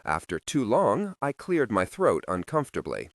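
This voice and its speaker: A man narrating an audiobook in a slow, expressive storytelling voice, recorded on a close studio mic. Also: on the low side, creaky, dry recording.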